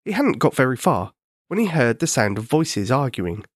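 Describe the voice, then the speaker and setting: A man narrating a children's story in a gentle, expressive way. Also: mid-range voice, normal speed, no echo, studio quality.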